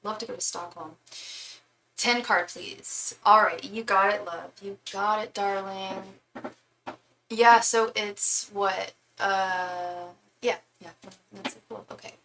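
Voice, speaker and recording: A woman's voice: mid-range voice, steady tone, slow, bright, forceful tone, slight background noise. A woman running a live tarot reading stream in casual chat, calling her viewers love and darling.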